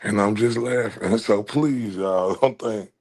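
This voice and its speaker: Man vlogging, slow husky delivery, chuckles and repeats himself. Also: lowish voice, darkish tone. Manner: chuckles between phrases, repeats himself, informal. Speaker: commentary vlogger. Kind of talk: casual commentary.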